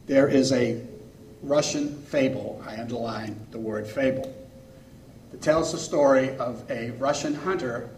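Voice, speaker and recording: A man preaching a sermon as a pastor, earnest, pausing phrase by phrase and swinging between loud and soft. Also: mid-range voice, a little hiss or hum. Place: church sanctuary. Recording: echoey room, mic far off.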